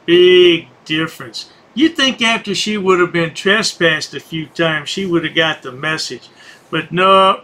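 Sneering bright-voiced male commentator. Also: sits high. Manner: sneering, sarcastic. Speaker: commentary channel host. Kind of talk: mocking commentary over clips.

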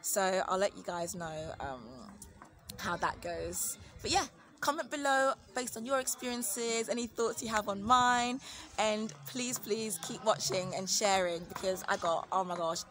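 Animated woman telling a story. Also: medium pitch, moderate pace, soft background music. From United Kingdom. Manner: animated, acts out quoted voices. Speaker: family vlogger. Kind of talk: casual story time. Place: at home.

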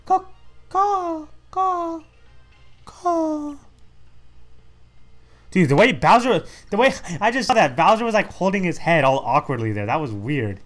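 A man's voice: on the high side, lively intonation, a little fast, few pauses, faint music behind. Sarcastic young man playing a game. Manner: sarcastic, mocking, reads game text in put-on voices. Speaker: let's play host. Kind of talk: casual gameplay commentary.

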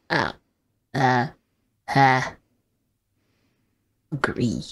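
A woman with a low, deep-set voice plays through small horror games, reading the prompts aloud and reacting quietly. She talks slowly and softly, now and then jumping up in a startled yelp. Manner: slow, soft, low-key reactions with sudden startled jumps. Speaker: gaming channel host. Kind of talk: let's play commentary, reading game text aloud.

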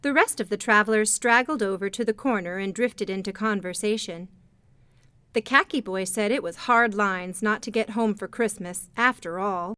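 Lady reading a christmas-y storybook, calm and measured, dry close sound. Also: mid-range voice, clear, resonant tone, no echo. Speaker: narrator.

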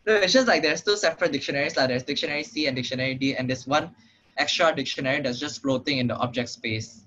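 A young man with a Singaporean English accent teaches programming over an online call. He talks casually, with frequent fillers and "right?" check-ins, in a bright, forceful voice. The audio is muffled and lo-fi, like a computer microphone. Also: medium pitch, fast talker, slight background noise. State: slightly out of breath. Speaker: programming tutor. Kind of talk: online tutorial lesson.

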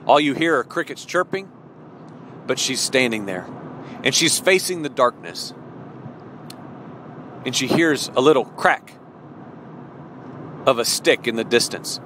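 A man's voice: medium pitch, lively intonation, a little slow, long pauses, fairly bright tone, slight background noise. A man preaching a sermon, retelling a parable and addressing his listeners directly with emphatic questions. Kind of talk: sermon storytelling.

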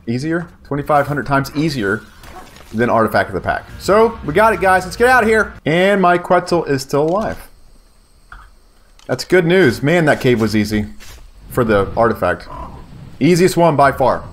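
A man giving casual, excitable commentary on his gameplay, talking to viewers and yelping when danger shows up. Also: on the high side, moderate pace, slight background noise. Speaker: gaming YouTuber.

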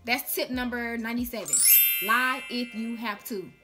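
A woman's voice: a little high, moderate pace, over loud music. A young woman vlogging to camera, giving sassy, playful tips in casual slang. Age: young adult.

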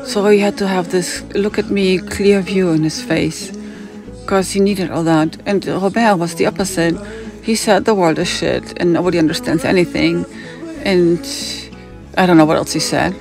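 A woman with a German accent and a gravelly, fry-laced voice tells a long, rambling story. She wanders off on tangents and keeps jumping into other people's voices to act out their lines. Faint music sits under her talk. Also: lowish voice, steady tone, normal speed. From Hamburg, Germany.

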